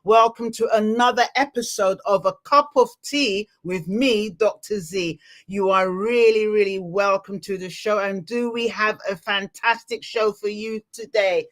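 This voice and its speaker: A woman's voice: mid-range voice, unhurried, fairly bright tone. Effusive woman podcast host. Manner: effusive, repeats words for emphasis, motivational. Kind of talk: live-streamed podcast opening monologue.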